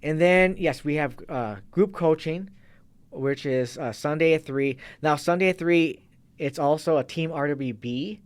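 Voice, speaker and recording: A man's voice: on the high side, measured pace, smooth. A man, a fitness and kettlebell coach, talking loosely as an interview guest and restarting his sentences often. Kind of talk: casual interview talk.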